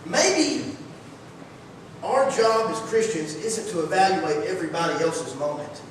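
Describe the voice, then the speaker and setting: Guy preaching, energetic, folksy, big echoey church, faint rumble behind. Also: unhurried. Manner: folksy, energetic, rhetorical questions. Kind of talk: sermon. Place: church sanctuary. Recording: echoey church hall, distant mic.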